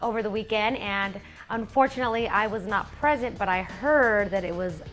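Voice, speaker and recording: A woman co-hosting a sim racing show, reading segment intros smoothly and teasing her co-host. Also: mid-range voice, normal speed, fairly bright tone, soft background music. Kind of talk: scripted segment reading mixed with chat.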